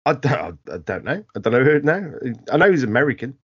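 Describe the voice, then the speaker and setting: A man's voice: medium pitch, very animated, quick pace, slightly rough, muffled recording. A man hosting a podcast in a tipsy casual chat, joking and laughing often. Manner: giggly, jokey, laughs often. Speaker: podcast host.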